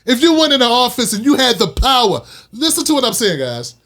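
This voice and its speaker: Male host, higher register, casual heated commentary, repeats lines for punch. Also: brisk, very noisy. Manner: animated, preachy, repeats phrases for emphasis.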